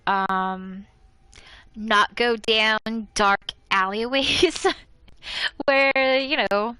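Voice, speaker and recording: A woman's voice: on the high side, fairly even intonation, extremely slow, sharp tone, clean tone, no echo, poor audio. An American woman streaming a horror game, chatting casually, laughing often and reading items aloud. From United States. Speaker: gaming streamer. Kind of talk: casual let's-play chat.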